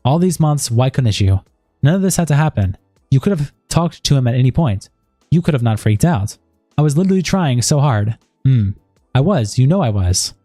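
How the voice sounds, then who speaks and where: A man's voice: mid-range voice, big pitch swings, normal speed, dark tone, dry recording, clean studio sound, soft background music. A man on a stream, reading a chat log aloud and breaking in with asides of disbelief.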